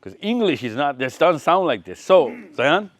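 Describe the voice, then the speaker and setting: A man's voice: on the high side, sing-song, moderate pace. A man giving a live lecture with slides, repeating phrases and calling on listeners by name. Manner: pointing through slides, quizzing the room. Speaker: touring speaker. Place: event room with audience.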